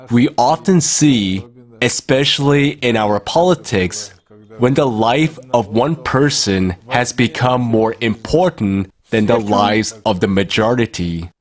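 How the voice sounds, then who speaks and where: A man giving a slow, measured formal speech at an online conference. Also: mid-range voice. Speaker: conference speaker.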